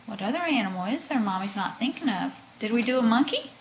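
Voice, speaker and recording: A woman's voice: a little high, lively intonation, fast talker, echoey room, a little hiss or hum, low-quality recording. A mother patiently coaxing her toddler in a home video, with sing-song prompts.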